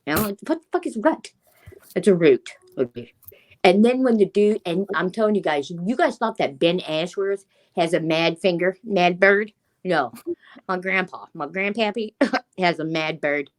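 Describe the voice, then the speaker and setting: A young woman chatting casually, telling animated stories, swearing often and mimicking other people's voices. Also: on the low side, moderate pace. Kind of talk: casual chat.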